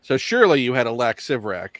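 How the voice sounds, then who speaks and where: A man's voice: mid-range voice, very animated, a little fast, fairly bright tone, dry recording. A man in casual chat, joking and rambling with frequent restarts. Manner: rambling, jokey, trails into restarts. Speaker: chat guest or co-host.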